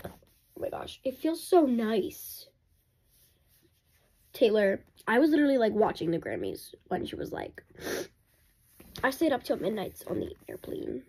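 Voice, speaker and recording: A woman vlogger talking in a rambling, excitable and apologetic way during a casual unboxing. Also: a little high, unhurried, vocal fry, long pauses, slightly rough.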